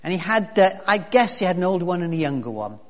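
A man's voice: high voice, big pitch swings, fast. A man preaching a sermon as pastor, chatty and full of restarts. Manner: conversational, with many restarts and fillers. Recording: long reverb of a large hall.

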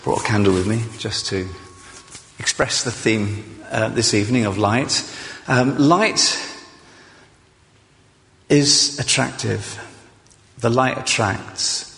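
A man's voice: medium pitch, slow, creaky, long pauses, fairly bright tone. A man preaching an evening sermon in a chatty, self-deprecating way, with many fillers. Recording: long hall reverb.

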